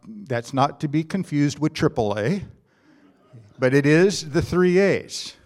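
Earnest male pastor preaching. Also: fairly high pitch. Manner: earnest, emphatic repetition with restarts. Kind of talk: sermon.

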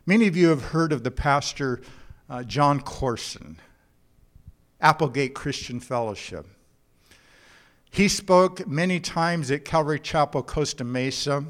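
Male pastor preaching, earnest and measured, a touch high-pitched, repeats words mid-thought. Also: fairly bright tone. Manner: earnest preaching with told jokes and a drawn-out, halting delivery. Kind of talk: sermon.

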